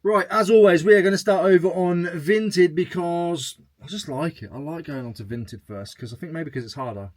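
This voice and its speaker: A man's voice: a little high, normal speed, hardly any pauses, dry recording. A man chatting casually to camera as a reselling vlogger, joking as he goes through his sales. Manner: chatty and jokey, reading out sales.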